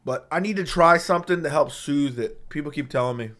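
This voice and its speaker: A man's voice, on the high side and a bit bright, comes through brisk and quick. He has a sore throat and is live streaming casually, reading chat messages and firing back blunt, profane trash talk via a studio dynamic microphone.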